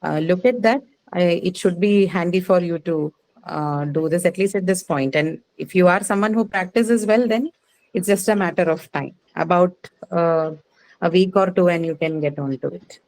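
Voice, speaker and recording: A woman teaching word stress to a class, repeating each word slowly and quizzing her students patiently. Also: lowish voice, a little mellow, low-quality recording. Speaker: English teacher.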